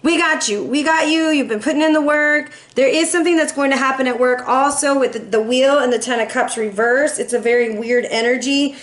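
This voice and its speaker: A woman's voice: high-pitched, brisk, hardly any pauses, a bit bright. A woman giving a casual tarot reading, chatty and playful, swearing casually and acting out voices in quotes. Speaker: tarot reader.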